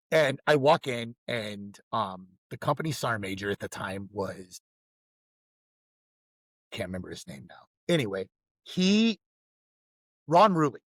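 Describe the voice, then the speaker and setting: A man's voice: mid-range voice, fairly bright tone, dry recording. A man co-hosting a podcast, telling rambling, profane stories in a casual chat. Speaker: podcast co-host.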